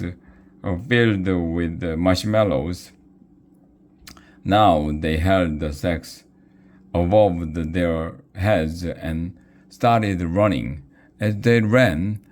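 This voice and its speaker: A man reading a children's book aloud, unhurried, with small slips and restarts. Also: sits low, darkish tone. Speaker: reader.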